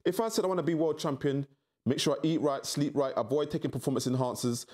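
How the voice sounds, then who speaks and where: Animated man telling his story. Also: fast talker. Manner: animated, acts out quoted voices with big pitch jumps. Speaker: interview guest. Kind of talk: candid storytelling.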